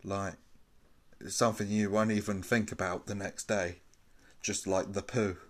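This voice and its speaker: A man's voice: low-pitched, fairly even intonation, unhurried. A man hosting a small solo podcast, rambling and self-mocking as he trips over his own wordplay. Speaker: podcast host. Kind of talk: casual solo podcast chat.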